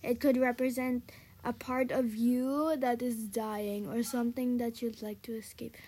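High-voiced young woman rambling a story. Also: flat delivery, measured pace, warm tone. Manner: rambling, full of "and then, um", giggly. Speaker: podcast co-host. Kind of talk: casual chat, storytelling.

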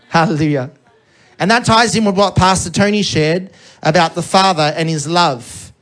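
An energetic preacher delivering a sermon who keeps checking in with the congregation. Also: mid-range voice, unhurried. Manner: energetic, checks in with frequent "okay?".

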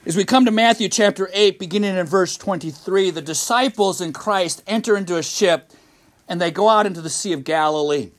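Male pastor, conversational sermon in a church, high voice, mic set back. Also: a little fast, far from the mic. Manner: conversational, asks the congregation questions. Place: church sanctuary.

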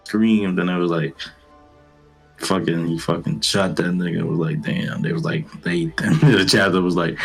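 A man's voice: low-pitched, steady tone, normal speed, vocal fry, husky, faint music behind. A young man co-hosting a podcast, recapping an anime episode in loose, profane slang with lots of restarts. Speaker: podcast co-host. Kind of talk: casual anime recap chat.

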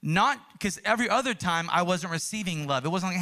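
Young man, pastor, high voice, earnest sermon, animated storytelling. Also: brisk, few pauses.

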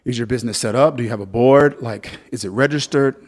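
A man preaching a sermon as pastor, swinging between loud, lively exhortation and softer storytelling. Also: medium pitch, fast talker.

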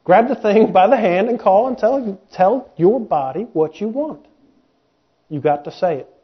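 A man preaching a sermon in a folksy, animated way, slipping into little voices of doubters and skeptics. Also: high-pitched, measured pace, highs cut off.

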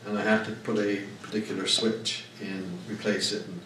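A man's voice: on the low side, little pitch movement, normal speed, pushed and bright, distant mic, a little hiss or hum. Male pastor, folksy storytelling sermon, very echoey room, mic set back. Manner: folksy storytelling, emphatic rises on key words. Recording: echoey room mic'd from afar.

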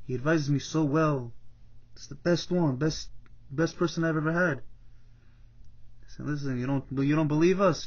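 Man, casual Torah class, retelling a parable, husky, muffled lo-fi recording. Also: on the high side, moderate pace. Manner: retells a parable in plain talk, acts out the characters with restarts. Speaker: Torah teacher. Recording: dull lo-fi recording.

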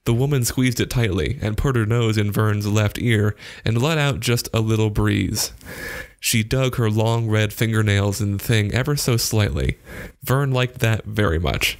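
A man reading a comic short story aloud in an even, deadpan manner. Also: fairly low pitch, moderate pace. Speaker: audiobook narrator.

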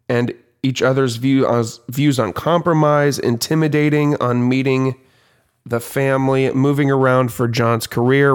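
A young man hosting a casual podcast, relaxed and full of fillers, talking close to the mic. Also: mid-range voice, clean tone, dry recording. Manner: relaxed, filler-heavy, laughs easily. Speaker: podcast host.

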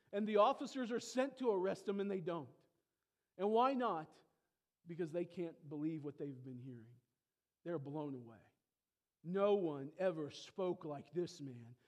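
A male pastor preaching a sermon, emphatic, with rhetorical questions, swinging between loud exclamations and hushed asides. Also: high-pitched. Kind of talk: expository sermon.

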